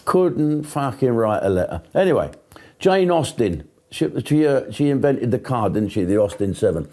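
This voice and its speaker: Sweary mocking British comedian, dark voice. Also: male voice, mid-range voice, big pitch swings, normal speed. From Britain. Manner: blunt, sweary, mocking and sarcastic. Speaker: comedian ranting to camera. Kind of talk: angry casual monologue.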